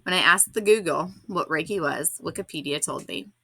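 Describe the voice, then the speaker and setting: A woman's voice: low-pitched, normal speed, gravelly, bright, forceful tone, breathy edge, dry recording. A woman podcast host reading her own blog post aloud in a candid, reflective and slightly awkward way.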